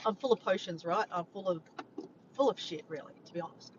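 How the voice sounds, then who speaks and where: A woman's voice: fairly low pitch, fairly quick, highs cut off, a little hiss or hum. An Australian woman chatting casually with her viewers while driving, filmed on a phone. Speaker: vlogger. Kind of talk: casual chat to a live chat. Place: in a car. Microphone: phone camera.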